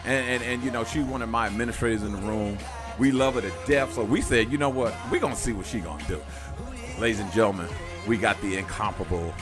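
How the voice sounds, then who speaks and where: Man, talk radio host, deep-ish voice, casual slangy banter. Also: fairly even intonation, fast, over music. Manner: loose, joking banter in slangy speech.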